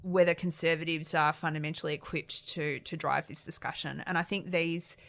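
Australian woman politician, low voice, earnest and frank, restarts phrases. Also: fairly even intonation, fairly quick, gravelly, a bit bright. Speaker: politician, shadow minister. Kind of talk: interview answers.

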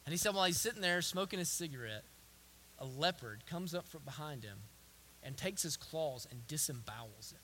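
A young man preaches a sermon, dropping to a near-hush and then rising to loud, emphatic declarations. His voice sits high for a man and sounds very bright and cutting. He often repeats words and restarts phrases as he drives a point home. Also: expressive, fairly quick, a little hiss or hum. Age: young adult. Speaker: pastor.

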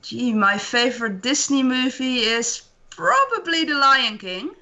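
Slow, bright-voiced woman. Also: sits high, lively intonation, dull audio. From Netherlands. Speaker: trivia contestant. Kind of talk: casual chat on a call.

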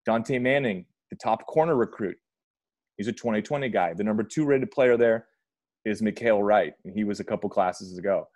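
A man with a lowish voice chats through a sports discussion, wandering and restarting his sentences as he goes. The sound is dry, with no room echo. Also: normal speed, darkish tone. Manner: rambling, self-correcting, chatty. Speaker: podcast host. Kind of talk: casual sports talk.

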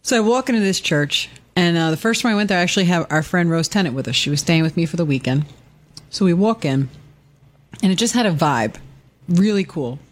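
A woman's voice: on the low side, fairly quick. A woman in casual on-air chat, telling a story and acting out the voices of the people in it. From Irish Catholic family. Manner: animated, acts out quoted voices, laughs often.

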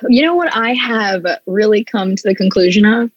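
A woman's voice: medium pitch, moderate pace, no room sound, highs cut off. A woman in her thirties, a podcast guest chatting frankly and with lots of energy. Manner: frank, animated, breezy. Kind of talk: casual chat.

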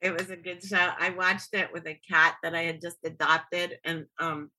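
A woman hosting a podcast, chatting excitably and rambling, swearing freely. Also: lowish voice, normal speed, a little hiss or hum. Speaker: podcast host. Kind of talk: casual podcast chat.

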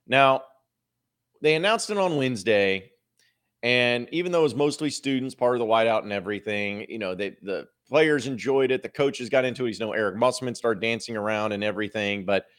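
A man's voice: mid-range voice, fairly quick, a bit bright. A man hosting a sports podcast, giving opinionated, rambling commentary with plenty of filler words.

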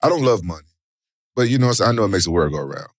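A middle-aged man, an interview guest, telling stories in casual, slangy talk with animated exclamations. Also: low-pitched, rapid-fire, dry recording, studio quality. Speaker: interview guest, former fighter and actor.

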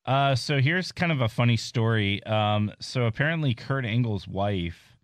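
A man's voice: medium pitch, animated, measured pace, no echo. A man co-hosting a casual podcast, chatting through news items with jokes. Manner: chatty, joking. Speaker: podcast co-host reading news. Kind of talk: casual chat.

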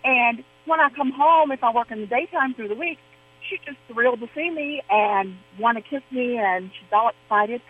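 A woman's voice: fairly high pitch, normal speed, husky. A woman phoning in to a radio show with a question about her pet, chatty and rambling, restarting her sentences as she goes. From Arizona, USA. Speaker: caller. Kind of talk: phone-in question. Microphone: telephone. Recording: dull lo-fi phone line.

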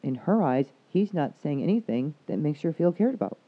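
A man's voice: fairly high pitch, big pitch swings, moderate pace, slightly rough. A man working as a counselor, talking casually and frankly, swearing freely as he explains things. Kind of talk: casual chat. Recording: dull lo-fi recording.

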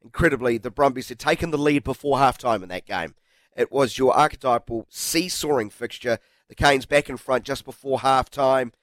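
A man with a New Zealand accent hosting a sports radio show, sounding nasal and blocked up from a cold, animated and teasing. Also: medium pitch, moderate pace, dry recording. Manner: animated, teasing, self-mocking. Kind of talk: casual sports radio chat. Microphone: studio microphone.

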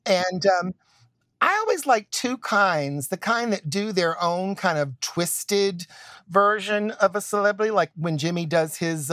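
A man's voice: sits high, fairly bright tone. An older man with a Southern US accent hosting a podcast interview in a campy, playful, teasing way. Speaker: podcast host. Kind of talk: casual interview chat.

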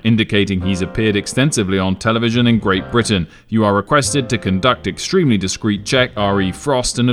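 A man giving measured, scripted documentary narration, explaining archival events. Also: mid-range voice, a bit bright.

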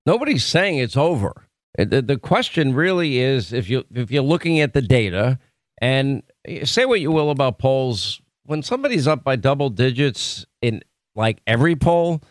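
A man's voice: medium pitch, lively intonation, moderate pace, no echo, clean studio sound. A man hosting a talk radio show, giving an opinionated monologue in a conversational, emphatic way with frequent restarts. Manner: conversational, emphatic, self-correcting. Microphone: studio microphone.

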